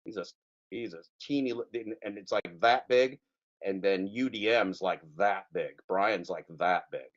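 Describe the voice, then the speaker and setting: A man's voice: on the low side, unhurried, lo-fi sound. A man hosting a livestream, chatting loosely and profanely while reacting to clips. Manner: loose and profane, trailing off mid-sentence. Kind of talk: casual reaction chat.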